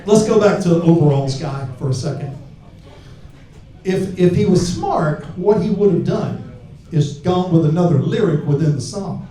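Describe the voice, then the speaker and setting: A man's voice: fairly high pitch, expressive, moderate pace, dark tone, recorded from a distance. A man from Alabama doing a crude, brash stand-up set with a handheld mic on a club stage. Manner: crude, brash, rambling punchlines with audience laughter. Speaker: stand-up comedian. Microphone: handheld microphone. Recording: echoey room, heard from afar. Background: audience laughter.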